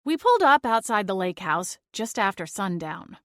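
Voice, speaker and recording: A woman narrating a first-person audiobook in an even, measured storytelling voice. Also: medium pitch, no room sound, studio quality.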